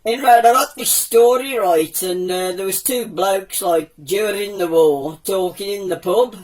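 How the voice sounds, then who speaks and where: A man's voice: high-pitched, a little slow, darkish tone, distant mic, low-quality recording. A man doing a cheeky old Black Country womble. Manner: cheeky joke-teller, does voices for his characters. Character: old male womble puppet telling jokes. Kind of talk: comic puppet storytelling.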